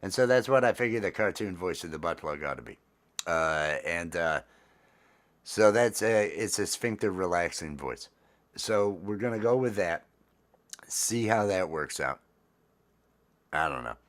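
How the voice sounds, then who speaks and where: A man with an extremely deep, low-pitched voice chats casually on his solo vlog. He rambles along with plenty of fillers and restarts as he thinks out loud. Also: expressive, measured pace, pauses often. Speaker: vlogger.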